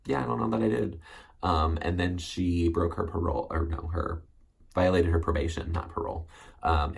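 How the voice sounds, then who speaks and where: A man's voice: deep voice, vocal fry, slightly rough. A man hosting a solo recap show, chatting casually and rambling with many ums and self-corrections. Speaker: recap host.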